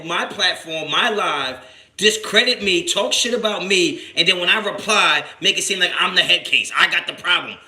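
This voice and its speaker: A man from New Jersey hosting a sports livestream, reading chat aloud and answering in slangy, profane talk that flares up when he is annoyed. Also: fairly high pitch. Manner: animated, swears a lot, rises to shouting when annoyed; slangy and repetitive, restarts often. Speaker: sports channel host reading live chat.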